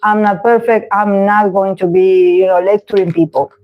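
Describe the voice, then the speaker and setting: A woman's voice: mid-range voice, level tone, normal speed, narrow, tinny audio. A woman hosting a tarot livestream, talking frankly and reflectively while she searches for her words. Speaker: tarot reader host. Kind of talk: casual livestream monologue.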